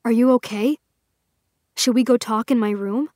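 A gentle, worried young man asking soft, concerned questions in a storybook, as a woman reader puts him on. The voice sits a little high and the sound is dry and close, with no room around it. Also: fairly even intonation, normal speed, no echo, lightly acted.

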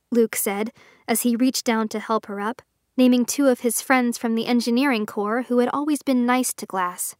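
A woman reads a novel aloud in a steady, expressive audiobook style. Her voice sits a little high, and the recording is dry and close, with no room around it. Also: normal speed, dry recording. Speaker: narrator. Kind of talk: audiobook narration.

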